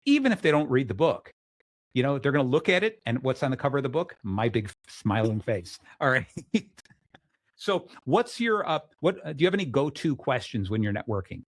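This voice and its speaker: A middle-aged man hosting a casual interview show, energetic and full of restarts, acting out the people he quotes. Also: mid-range voice, fairly quick, no echo. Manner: restarts often. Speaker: podcast host.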